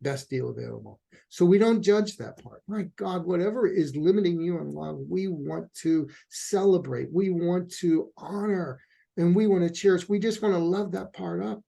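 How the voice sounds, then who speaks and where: Gravelly-voiced man, animated storyteller. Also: high voice, moderate pace. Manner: animated storyteller, acts out quotes. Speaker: couples therapist. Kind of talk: conversational interview answer.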